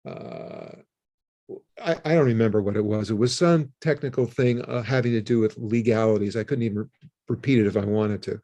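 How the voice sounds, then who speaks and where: An older man, a guest in an interview, telling a story in a casual, animated way and acting out the phone calls in it. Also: lowish voice, fairly quick, creaky. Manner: animated, acts out his own and others' phone calls.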